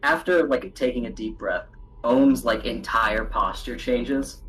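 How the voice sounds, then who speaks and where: A man's voice: medium pitch, unhurried, fairly bright tone, slight background noise, rough recording. Hesitant male tabletop player. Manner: hesitant, many fillers. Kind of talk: casual tabletop play.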